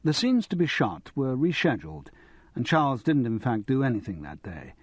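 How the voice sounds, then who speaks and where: A male audiobook narrator with a mid-pitched voice that rises and falls freely as he tells the tale. His tone is slightly husky and sits close and dry, with no room around it. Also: normal speed, no room sound. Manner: expressive storytelling. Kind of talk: scripted narration.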